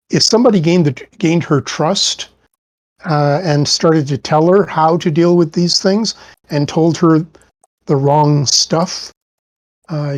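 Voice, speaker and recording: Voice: mid-range voice, darkish tone, no echo. A tabletop player thoughtfully explaining their character, with many hesitations and fillers.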